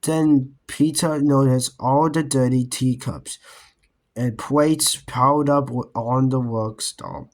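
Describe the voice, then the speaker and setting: A man reading a children's book aloud in a slow, careful way. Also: mid-range voice, fairly even intonation. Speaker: reader.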